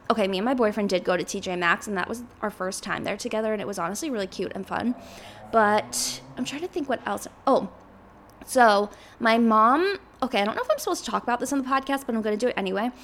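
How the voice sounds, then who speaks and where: A woman's voice: mid-range voice, fast talker, a bit bright, a little hiss or hum. A woman in her twenties hosting a podcast, chatting casually and rambling with lots of filler words. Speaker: podcast host.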